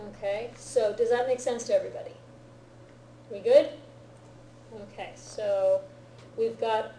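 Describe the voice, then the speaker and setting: A woman's slightly high, mellow voice explains grammar to her students in a classroom lecture. She keeps checking that they follow her, and the room around her is roomy and echoey. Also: slight background noise. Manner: checks understanding often with "right?" and "okay?". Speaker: Japanese language teacher.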